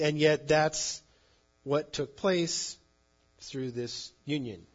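Husky-voiced man teaching a sermon. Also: medium pitch, highs cut off. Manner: conversational, paraphrases scripture in everyday speech. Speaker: preacher.

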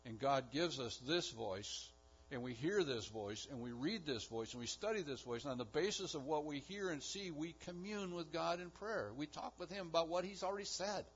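A man's voice: fairly high pitch, normal speed, slightly rough. A man preaching a sermon, building emphasis with repeated phrases. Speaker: pastor. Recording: dull lo-fi recording.

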